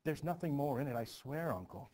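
Male reader putting on a teen girl, high, pleading then defiant, play reading. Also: lively intonation, brisk, a little mellow, slight background noise, natural voice. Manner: pleading, rising to indignant. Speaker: teacher.

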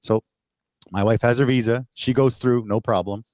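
A man from Canada, a podcast guest, telling a story in casual, animated talk over a remote call, swearing and acting out the exchanges he quotes. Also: mid-range voice, moderate pace, no room sound. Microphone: remote call mic.

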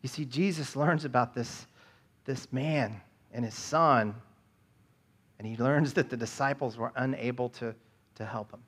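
A man's voice: mid-range voice, a little slow, long pauses, fairly bright tone, slightly rough. A man, a pastor, preaching a conversational sermon, often checking in with the congregation and asking rhetorical questions. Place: church.

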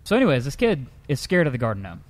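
A man co-hosting a comedic news-story show, telling tales in a lively, animated way. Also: fast. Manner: lively storyteller, jumps into high pitch for characters. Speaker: co-host.

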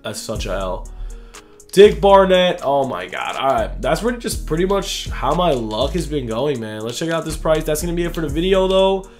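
Young male gaming YouTuber, slightly high voice, loose slangy commentary, faint music underneath. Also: very animated, normal speed, darkish tone. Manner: casual, slangy, thinking aloud. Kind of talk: casual gameplay commentary.

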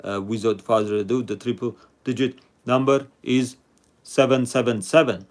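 A man's voice: medium pitch, fairly even intonation, moderate pace. Man hosting a live stream quiz. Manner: reads out viewer names and rankings, chatty. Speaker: livestream host. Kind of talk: live stream chat with viewers.

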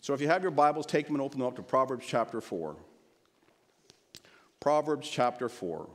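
A male pastor with a mid-range voice delivers a sermon, reading rhymes with lively rhythm. His words trail off in the long reverb of a church hall. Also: medium pitch, normal speed. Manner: rhythmic, animated storytelling.

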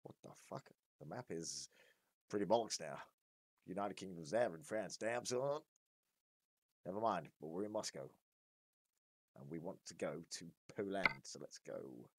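A man's voice: sits low, lively intonation, measured pace, pauses often, slightly rough, dry recording, clean studio sound. A man casually chatting to viewers while streaming a truck driving game, swearing freely. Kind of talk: live-stream gameplay chat. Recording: loud game engine noise behind.

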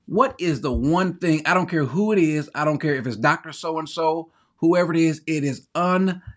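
A man's voice: a little high, normal speed. A man who teaches the Bible, preaching online in an emphatic, teasing way and repeating words hard for stress.

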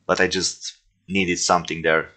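Low-voiced man in laid-back commentary. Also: moderate pace, slight background noise. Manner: relaxed, rambling, lots of "uh" fillers. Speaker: filmmaker reviewing his own films. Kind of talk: casual commentary.

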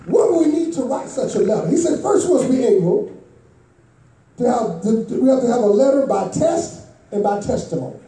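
A man preaching a sermon in a church sanctuary, building from plain teaching to impassioned shouts in a call-and-response style. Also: extremely high pitch, lively intonation, a little fast. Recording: echoey church hall, voice from far off.

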